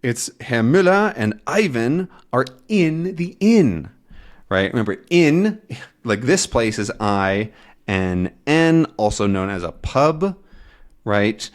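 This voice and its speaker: A man teaching English by explaining a comic, talking slowly and clearly and often checking with "right?". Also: mid-range voice, sing-song.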